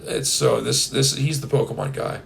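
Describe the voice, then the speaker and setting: A hoarse young man co-hosting a podcast in casual, playful, rambling chat. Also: medium pitch, moderate pace, slight background noise. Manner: playful, rambling, breaks into silly bits. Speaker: podcast co-host.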